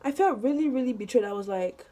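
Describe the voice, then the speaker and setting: A woman's voice: a little high, expressive, quick pace, mellow. A young woman vlogger telling a story in casual, chatty talk while doing her makeup, full of fillers and laughter. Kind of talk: casual get-ready-with-me storytelling.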